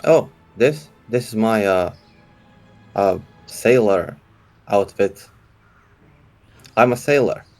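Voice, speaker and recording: A brash, boastful dwarf sea captain in a fantasy tabletop game, tossing out a hearty "aye", as a man plays him in a lowish, everyday voice. He talks casually and with swagger. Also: animated, slow pace, long pauses, faint music behind. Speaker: player.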